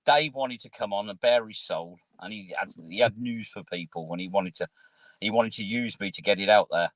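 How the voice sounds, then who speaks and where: A man hosting a casual livestream from his car, relaxed and encouraging, reading out viewer comments. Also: on the low side, normal speed, no echo. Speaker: livestream host. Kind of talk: casual chat.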